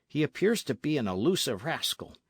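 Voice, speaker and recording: A foppish young caballero prattles in an airy, affected voice, as a man acts him out in an audiobook. The pitch rides high and lively over a dry, close recording. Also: a little fast, husky, no room sound. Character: foppish, vain young nobleman affecting idle talk.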